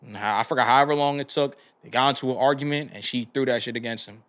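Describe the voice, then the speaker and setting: Man, podcast co-host, slangy, quick, bright tense tone. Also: medium pitch. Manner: laid-back, slangy, storytelling. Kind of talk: casual podcast chat.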